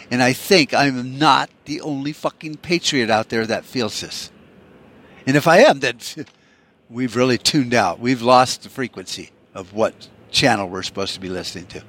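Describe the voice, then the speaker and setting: A male podcast host in full rant, swearing often and stumbling over repeated words as he pushes on. His voice sits at an ordinary middle pitch. He talks straight to his listeners in a heated solo monologue. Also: moderate pace, a bit bright. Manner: ranting, profane, emphatic with repeated words. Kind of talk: angry political monologue.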